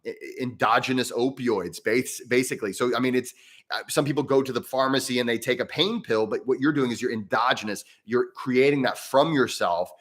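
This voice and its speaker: A man hosting a live stream on breathwork, answering viewer mail in a casual, rambling way with many restarts and easy laughs. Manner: rambling and chatty, with frequent restarts and self-corrections; animated, with pitch jumping up and down.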